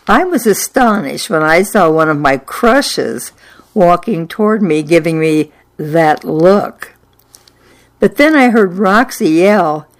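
An older woman telling a personal childhood memory in an unhurried, wry and nostalgic way. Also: lowish voice. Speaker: storyteller. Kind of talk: personal memoir storytelling.

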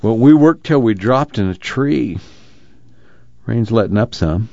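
A man reading an audiobook, voicing a tired, guilt-stricken farmer father who pleads in halting words, in a dull lo-fi radio recording. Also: fairly low pitch, expressive, creaky, a little mellow, dry recording, voice pushed up. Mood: pleading.

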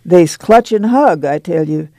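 A man's voice: a little high, animated, measured pace, mellow, no room sound. A man voicing a stocky, fiercely pious camp woman who scolds in a rural dialect for an audiobook. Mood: fervent. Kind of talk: audiobook reading.

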